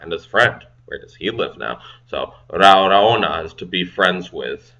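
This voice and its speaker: Low-voiced man with a bright edge. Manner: reads phrases slowly, then translates in quick asides. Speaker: language learner and video host. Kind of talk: casual self-study language lesson.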